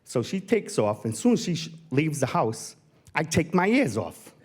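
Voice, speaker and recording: A man from Rhode Island doing a stand-up routine on a theatre stage, landing punchlines deadpan. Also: normal speed, husky. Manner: deadpan punchlines, voice swinging high and low. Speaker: stand-up comedian.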